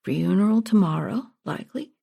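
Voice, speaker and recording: A woman doing a scheming old swindler who calls himself a king, drawling his words slowly with a pious, sugary calm. The voice is dark and mellow with a gravelly edge, as in a storybook read aloud. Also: medium pitch. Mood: slow, oily. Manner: slow, smooth, falsely pious talk. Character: scheming old male con man posing as a king. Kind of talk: storybook reading.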